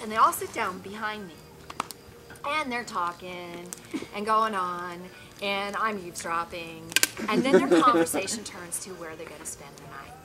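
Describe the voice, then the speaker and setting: A woman telling a personal anecdote to a group in an animated, self-mocking way. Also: medium pitch. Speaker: storyteller.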